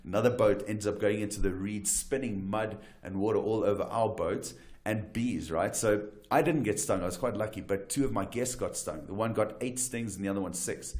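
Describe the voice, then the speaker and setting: A man from South Africa, a wildlife guide and photographer, telling adventure stories as a talk show guest with lively, restart-filled delivery. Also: on the low side, a little fast. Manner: animated storyteller, frequent restarts and "right?". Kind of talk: casual storytelling interview.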